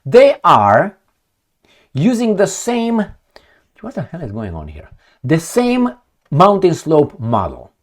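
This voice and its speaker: A man's voice: fairly high pitch, wildly swooping pitch, slow pace, long pauses. A middle-aged man from Romania, giving blunt, sardonic, unscripted commentary on news headlines. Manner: blunt and sardonic, storytelling asides. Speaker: political commentator.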